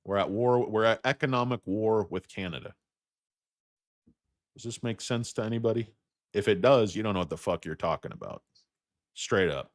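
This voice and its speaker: A man hosting a stock market livestream, ranting bluntly and profanely while answering chat, with loud outbursts and low muttered asides. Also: normal speed, long pauses, dry recording, clean studio sound.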